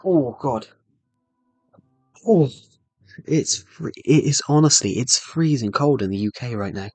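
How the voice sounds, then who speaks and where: A man's voice: medium pitch, lively intonation, a little slow, no echo, faint music behind. Young male streamer, mid-range voice, self-deprecating and stumbly, dry close mic. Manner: rambling, self-deprecating, stumbles over words. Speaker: livestreamer. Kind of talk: casual live-stream chat while playing.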